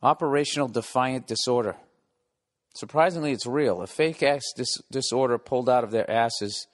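A male podcast host in the middle of a casual comedic monologue. He rambles and swears, drifting between sarcastic asides. His mid-pitched voice carries a long echoing reverb.

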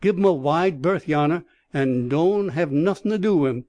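A man voicing a rough, good-hearted ex-circus man in a rustic Cockney-mixed dialect, drawling and blunt. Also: on the high side, normal speed, darkish tone, no echo, lightly acted. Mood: confiding. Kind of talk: audiobook character voice.

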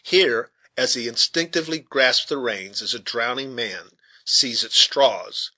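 A man narrating a classic novel, bright and sharp in tone with a slightly husky grain. His reading swings lively up and down. He tells the story expressively. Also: mid-range voice, measured pace. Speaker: audiobook narrator.

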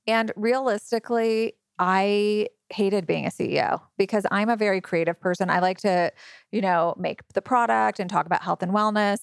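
A woman's voice: mid-range voice, gravelly, no echo, clean studio sound. A middle-aged woman who founded a company, telling her story in an interview in a chatty way, with many fillers and acted-out quotes. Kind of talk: interview conversation.

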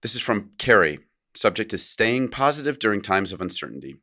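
A man's voice: on the low side, big pitch swings, brisk, bright, forceful tone. A man co-hosting a podcast, chatting casually and reading a listener's letter aloud with joking asides and frequent laughs. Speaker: podcast co-host.

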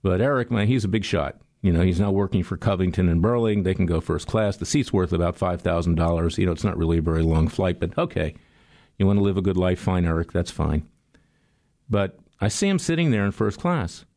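A man's voice: deep voice, fairly quick. Sarcastic older man, political monologue. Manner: sarcastic, storytelling, animated. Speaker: political commentator. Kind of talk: monologue commentary.

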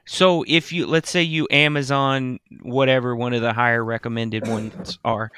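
A man's voice: medium pitch, little pitch movement, normal speed, fairly bright tone, clear, resonant tone, no echo. A man co-hosting a comedy podcast, teasing and playful in casual chat. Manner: teasing, playful, often laughing. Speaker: podcast co-host.

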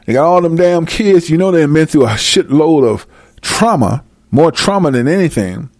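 Animated, profane man ranting. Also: a little high, normal speed, no echo, clean studio sound. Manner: animated, profane, slangy, laughs often. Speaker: commentator. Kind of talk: comedic rant to camera.

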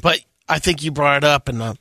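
A man on a morning radio show chimes in with dry, joking remarks. His voice sits fairly high and sounds bright and animated. The studio sound is dry. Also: a little fast, dry recording. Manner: dry interjections, joking asides. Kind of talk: casual morning radio banter.

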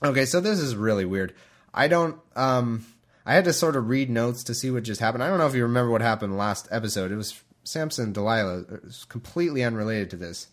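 A man's voice: medium pitch, expressive, fast talker. A man hosting a podcast, reading scripture aloud and breaking off into chatty, bemused commentary, laughing often. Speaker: podcast host.

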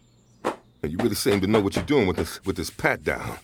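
In an audio drama, an actor plays a stranded traveler, a rattled, talkative and wary man from Detroit who pleads, panics and bursts into yells for help. His voice sits low and is very animated, at normal speed, over a noisy background.

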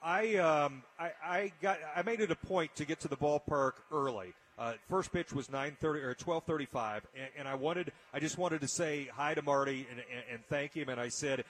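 A man's voice: on the high side, normal speed, few pauses, a bit bright. A man hosting a casual radio talk show, telling an emotional story with frequent restarts. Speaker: radio host.

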